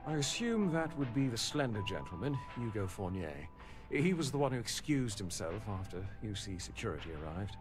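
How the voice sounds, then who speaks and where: A man's voice: lowish voice, big pitch swings, moderate pace, over music. An actor playing a polite, formal male restaurant staffer in a video game, speaking with courteous, precise wording. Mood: helpful.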